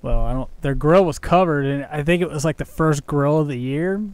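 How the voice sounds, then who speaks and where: A man co-hosts a casual podcast, spinning animated stories between bursts of laughter and swearing. His voice sits slightly high and stays smooth and clean. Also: brisk, no room sound. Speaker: podcast co-host. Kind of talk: casual chat, storytelling.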